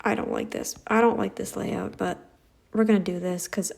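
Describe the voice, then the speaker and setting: A woman's voice: medium pitch, steady tone, normal speed, creaky, a little mellow. A woman giving sarcastic reaction commentary in a blunt, mocking, scornful way, recorded on a phone mic.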